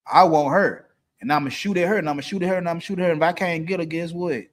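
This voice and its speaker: A man's voice: a little high, fairly even intonation, fast. A middle-aged man, hosting a live stream and giving blunt dating advice, repeating his points for emphasis. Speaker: livestream host.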